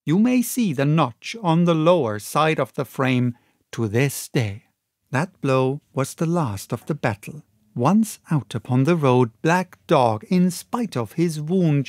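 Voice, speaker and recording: A man reads a classic adventure novel aloud in a measured, expressive storytelling manner. He takes an unhurried pace and sits a little higher in pitch than most men. The recording is close and dry, with no room sound. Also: dry recording. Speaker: audiobook narrator. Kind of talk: audiobook reading of a classic novel.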